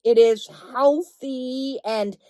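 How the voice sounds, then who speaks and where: Here a woman with a high but dark-toned voice speaks very slowly in a dry recording. In her role as a spiritual healing coach addressing the camera with passion, she's forceful and profane, stretching words for stress, and later becomes gentle and comforting.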